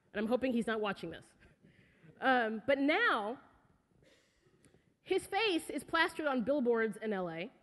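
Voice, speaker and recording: Woman speaker, high voice, lively conversational motivational talk on a stage, long hall reverb. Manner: lively, conversational, with asides to the audience. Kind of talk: motivational talk to young people. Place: auditorium stage. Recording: echoey hall.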